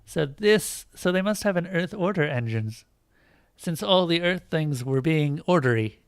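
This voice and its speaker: A young man with a fairly high voice reads game text aloud in a flat, clipped tone, then breaks off to joke. The sound is dry and close on a desk mic, with no room around it. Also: a little slow, clean tone, no room sound. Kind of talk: casual let's play with read-aloud game text.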